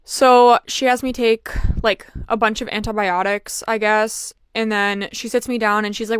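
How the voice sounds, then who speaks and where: A young woman chatting casually as she tells a personal story, with lots of fillers and an animated delivery. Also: on the high side, moderate pace, hardly any pauses, smooth, dry recording, clean studio sound. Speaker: vlogger.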